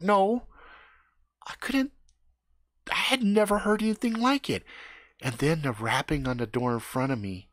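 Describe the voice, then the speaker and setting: A man improvising a profane comic horror story, swinging between loud outbursts and hushed suspense. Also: on the high side, dry recording, studio quality. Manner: profane, animated, drops to hushed tones for suspense.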